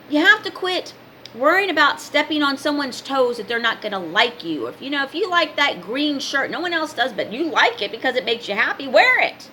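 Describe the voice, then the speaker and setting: A woman's voice: high-pitched, big pitch swings, fairly quick, bright, forceful tone, slight background noise. A woman in her fifties giving a blunt, emphatic motivational talk in a casual vlog. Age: 50s. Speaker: spiritual vlogger and card reader.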